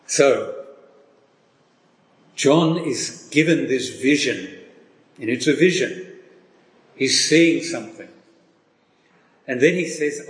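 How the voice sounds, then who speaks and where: Slow-preaching man in an echoey hall. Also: mid-range voice, lively intonation. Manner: slow, deliberate preaching, reading scripture aloud with emphasis. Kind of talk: sermon. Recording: echoey hall with long reverb.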